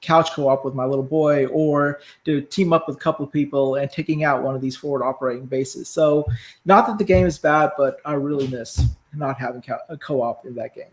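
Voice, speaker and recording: A man's voice: medium pitch, steady tone, fairly quick. A man as a guest on a casual gaming podcast, joking with crude humor.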